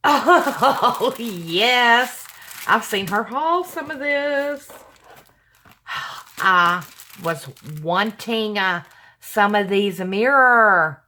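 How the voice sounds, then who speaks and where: A woman, gushing and exclaiming as she opens a gift package at home at night. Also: mid-range voice. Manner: gushing, excitable, gasps and exclaims, addresses viewers as y'all. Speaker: vlogger opening a gift package. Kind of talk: casual unboxing chat.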